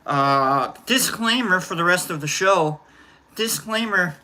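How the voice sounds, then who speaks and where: A man's voice: high-pitched, animated, slow, bright, forceful tone. A man hosting a live stream, greeting viewers by name and rambling through jokes in a casual chat.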